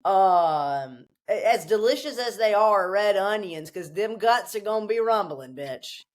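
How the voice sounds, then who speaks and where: A woman's voice: mid-range voice, animated, measured pace. A woman being interviewed, talking casually with emphatic, profane, streetwise delivery. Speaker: interview guest.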